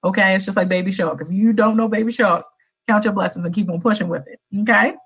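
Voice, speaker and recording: A woman's voice: medium pitch, fast talker, husky, rough recording. Chatty woman giving pep talk. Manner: rambling, animated, affectionate "baby" asides. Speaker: vlogger. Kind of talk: casual motivational chat.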